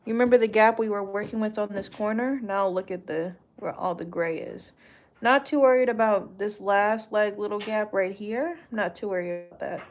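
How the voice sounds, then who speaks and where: A woman's voice: medium pitch, moderate pace. A woman vlogger talking casually through her crafting work, thinking aloud as she goes. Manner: relaxed, thinking aloud while working.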